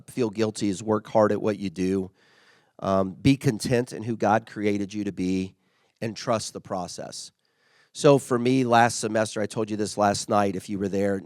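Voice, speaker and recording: A man's voice: on the low side, a little mellow, no echo. A middle-aged man giving a casual, conversational motivational talk as a workplace leader. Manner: conversational, acts out quoted remarks.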